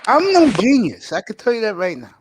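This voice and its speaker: A man talking sports on a casual podcast, sure of his opinions. His pitch rises and falls a lot as he makes his points. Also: huge pitch swings, a little fast, a little hiss or hum. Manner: confident, opinionated. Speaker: podcast host.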